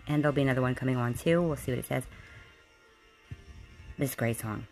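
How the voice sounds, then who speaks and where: A woman's voice: very deep voice, brisk, a little mellow, faint music behind. A woman giving a casual tarot reading, swearing and laughing as she rambles with many fillers. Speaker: tarot reader.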